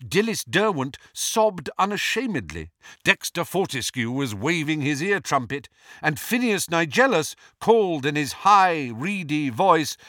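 Slow, expressive male storybook narrator. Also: a little high, dry recording, studio quality. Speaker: audiobook narrator. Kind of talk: scripted narration.

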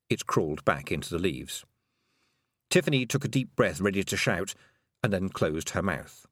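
A man narrating an audiobook with expressive storytelling. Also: sits low, normal speed, no room sound, studio quality. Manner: expressive storytelling, many voices. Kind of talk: audiobook reading.

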